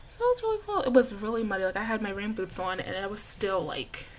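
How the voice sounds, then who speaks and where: A woman's voice: medium pitch, sing-song, fast, slight background noise. Giggly young college woman vlogging. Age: young adult. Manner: bubbly, giggly, lots of "like". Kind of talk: casual vlog chat.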